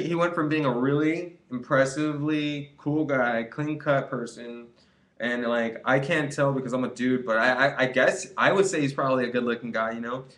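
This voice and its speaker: Young male vlogger, casual and rambling, mid-pitched, lots of restarts. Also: fairly bright tone. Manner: rambling, repeats words, acts out quoted voices. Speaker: vlogger giving quit-weed advice. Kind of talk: casual storytelling monologue.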